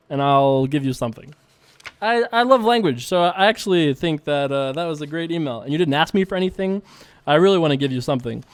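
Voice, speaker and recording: A young man in casual commentary, talking through his poker hands and thinking out loud with playful asides. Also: a little high, clean tone, dry recording. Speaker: poker streamer and show host. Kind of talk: casual commentary while playing online poker.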